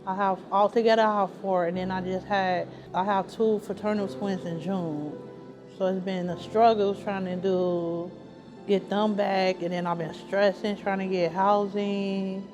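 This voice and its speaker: In a documentary interview, a Chicago mother seeking housing speaks earnestly and emotionally, often repeating herself. Her medium-pitched voice is a little mellow, with fairly even intonation and a measured pace, over soft background music.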